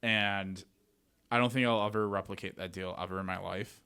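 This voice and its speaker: A man talking as a podcast guest, telling lively anecdotes in a casual way and acting out what everyone said. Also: sits low, moderate pace, smooth. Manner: animated, retells scenes with "I'm like". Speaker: podcast guest, real estate wholesaler. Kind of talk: casual storytelling.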